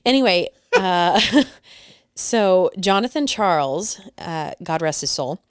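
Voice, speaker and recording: A woman in her thirties, a teacher co-hosting a casual chat, playful and quick to push back. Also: on the low side, expressive, clean tone, no echo, studio quality. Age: 30s. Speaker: teacher and podcast co-host.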